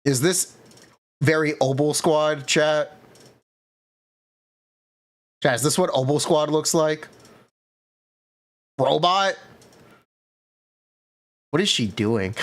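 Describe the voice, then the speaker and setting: A man's voice: on the high side, lively intonation, slow, long pauses, a bit bright. A man streaming live and chatting casually with his viewers, laid-back and reacting to chat.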